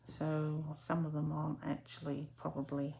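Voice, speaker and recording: A woman's voice: low voice, monotone, moderate pace, creaky, warm tone, reverberant. A woman demonstrating card making in a chatty, self-correcting way, sometimes dropping to a near-whisper while she concentrates. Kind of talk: casual crafting tutorial.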